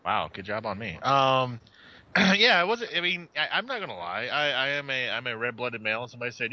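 A man hosting a casual podcast chat over a voice call, animated and quick to laugh and swear. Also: medium pitch, lo-fi sound. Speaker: podcast host. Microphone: home mic over a voice call.

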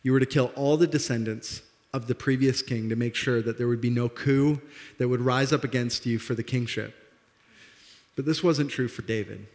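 A young man preaching a sermon as pastor, with a slight lisp, animated and self-deprecating, acting out the dialogue. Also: mid-range voice. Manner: animated, laughs at himself, acts out dialogue. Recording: long hall reverb.

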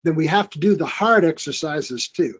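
Man, studio guest, earnest, encouraging, high-pitched, dull lo-fi sound. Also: lively intonation, moderate pace, slightly rough. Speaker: podcast guest. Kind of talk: casual studio conversation. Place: recording studio.

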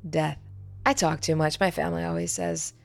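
A woman's voice: deep voice, fairly even intonation, moderate pace, gravelly, no room sound, faint music behind. A woman voicing a talkative, sly little old man who laughs to himself as he rambles. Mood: rambling.

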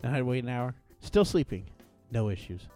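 A man co-hosting a podcast, telling an anecdote in a casual, profane, animated way. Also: medium pitch, moderate pace, faint music behind. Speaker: podcast co-host. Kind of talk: casual storytelling chat.

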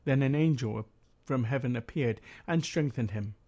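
A man's voice: mid-range voice, normal speed, darkish tone. A man leading a prayer meeting, reading Bible passages steadily and adding his own comments with hesitant fillers.

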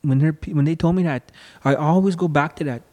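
A young man on the guest side of a conversation tells his story of loss earnestly and emotionally, mimicking what people said to him. He speaks fairly quickly in a high-leaning voice with a darkish tone.

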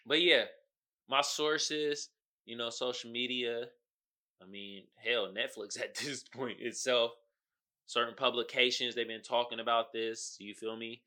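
Podcast host, man, African American Vernacular English, sharp bright voice, profane, goes from muttering to shouting. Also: mid-range voice, unhurried. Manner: animated, swings between muttering asides and loud outbursts; slangy and profane, keeps asking "you feel me?". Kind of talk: casual solo podcast rant.

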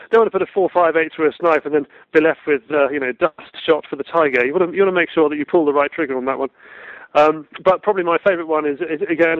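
A man's voice: fairly high pitch, dry recording. A British man telling field sports anecdotes in a chatty interview, laughing often and repeating words as he goes. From Britain. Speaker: guest, field sports broadcaster. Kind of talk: conversational storytelling. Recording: tinny phone-like line, dry.

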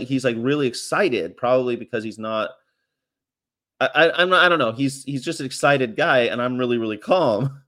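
A young man with a mid-pitched voice talks off the cuff, wry and self-mocking. He rambles through a story, stumbling and restarting, and jumps into higher voices to act out what others said. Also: moderate pace, a bit bright. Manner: restarts and trailing fillers. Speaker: vegan activist vlogger.

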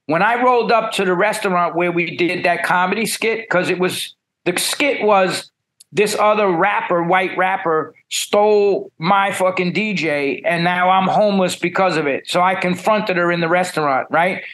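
A middle-aged man, telling stories as a musician guest in a blunt, profane and animated way. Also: sits high, normal speed. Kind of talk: casual storytelling.

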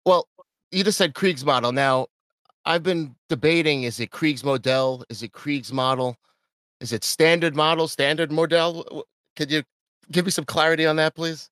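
A man's voice: fairly high pitch, normal speed, a bit bright, no room sound. A man hosting a casual interview, asking eager, curious questions and laughing easily. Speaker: podcast host.

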